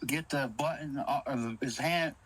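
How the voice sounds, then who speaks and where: A man's voice: medium pitch, moderate pace, no echo, rough recording. A man telling a spooky story in casual talk, acting out what others said. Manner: animated, Southern-inflected storytelling with quoted dialogue. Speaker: caller telling an encounter.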